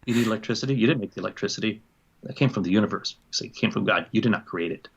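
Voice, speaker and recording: A man chatting casually on a video call as a book club guest, rambling and restarting his sentences with quick laughs. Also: on the low side, creaky, husky. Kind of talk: casual chat. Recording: dull lo-fi call audio.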